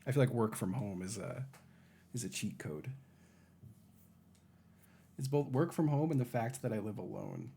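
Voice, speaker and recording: Streamer, young adult man, low gravelly voice with lots of pitch swing, chatty. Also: lively intonation, normal speed, pauses often, mellow, a little hiss or hum. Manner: chatty, talks sweetly to his cats in a high baby voice. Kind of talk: casual live-stream chat. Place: home room. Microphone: desk microphone.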